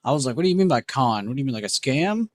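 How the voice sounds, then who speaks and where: A man's voice: medium pitch, very animated, very fast. A man hosting a casual livestream, muttering word guesses to himself and reacting to chat with self-mocking remarks. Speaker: livestream host.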